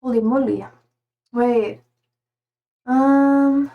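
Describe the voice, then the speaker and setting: Young woman from Germany, German native speaker, unhurried chatty livestreamer with a somewhat high voice. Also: steady tone, phone-quality sound. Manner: chatty, reads chat messages aloud. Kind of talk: casual chat with viewers.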